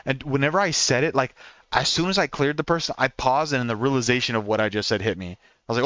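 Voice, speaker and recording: A young man from Oklahoma with an Oklahoman accent, chatting quickly with his stream viewers, repeating words and laughing often. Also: mid-range voice, lively intonation, sharp tone, no room sound, lo-fi sound. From Oklahoma, USA. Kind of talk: casual live-stream chat with viewers.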